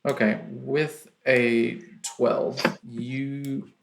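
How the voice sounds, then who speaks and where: A man acting as game master of a tabletop game, narrating at a measured pace and thinking aloud as he describes things. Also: mid-range voice, little pitch movement, creaky.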